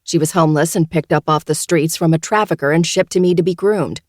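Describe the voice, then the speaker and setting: A woman's voice: low voice, moderate pace, a little mellow, no echo, clean studio sound, close to an everyday voice. A woman voicing a venomous, cornered young woman who seethes, screeches and pleads. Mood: seething.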